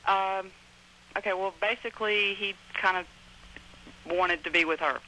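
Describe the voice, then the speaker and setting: A woman in her twenties with a Southern US accent, calling in to a radio show and telling her story hesitantly, full of ums and pauses. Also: mid-range voice, fairly even intonation, sharp tone. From Florida, USA. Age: 20s. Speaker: caller. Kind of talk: call-in radio confession. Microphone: telephone. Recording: thin phone line with faint hiss.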